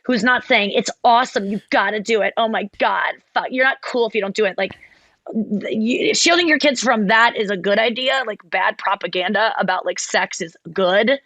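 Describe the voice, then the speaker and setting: A woman's voice: mid-range voice, moderate pace, fairly bright tone, no room sound. A woman hosting a podcast in casual chat, talking candidly and rambling with many fillers and restarts. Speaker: podcast host.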